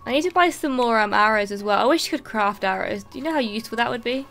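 A woman streamer giving excitable, swearing live commentary while playing a game and thanking viewers. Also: a little high, quick pace.

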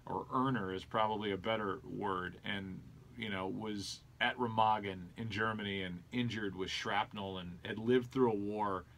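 A middle-aged man speaks with a somewhat low voice. He tells a personal story in an earnest, reflective way, as a guest in a conversational interview. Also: steady tone, normal speed, few pauses, a bit bright. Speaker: sports broadcaster and interview guest.

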